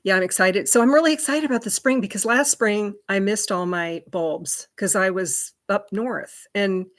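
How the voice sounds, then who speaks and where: A woman's voice: mid-range voice, moderate pace. A woman hosting a livestream, chatting in a rambling way and answering viewer comments. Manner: chatty and rambling, many fillers and asides. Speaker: livestream host.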